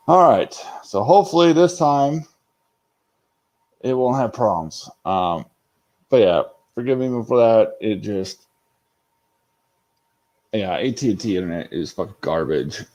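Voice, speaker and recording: A man's voice: fairly low pitch, a little mellow. A man hosting a casual livestream recap, rambling and swearing freely as he talks to his chat. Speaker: livestream host recapping a show episode. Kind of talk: casual unscripted live-stream chat.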